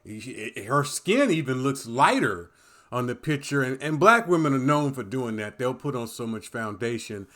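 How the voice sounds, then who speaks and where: A male commentary vlogger gives casual reaction commentary at a moderate pace, rambling, repeating "man" and restarting phrases. He swings from loud, animated bursts down to low muttering.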